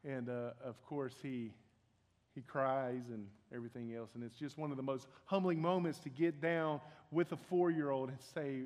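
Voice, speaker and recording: A man's voice: mid-range voice, steady tone, normal speed, darkish tone. A young man preaching a sermon as pastor, earnest and conversational, often restarting his sentences. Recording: long hall reverb.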